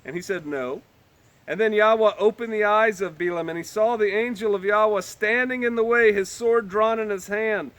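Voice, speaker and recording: A high-pitched man with a bright, sharp voice reads old scripture aloud. He keeps stopping to add joking, offhand comments in plain modern speech, like a Bible teacher talking to a small group. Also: normal speed, dry recording. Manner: reads old-fashioned scripture, then breaks in with joking everyday asides. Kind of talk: scripture reading with casual commentary.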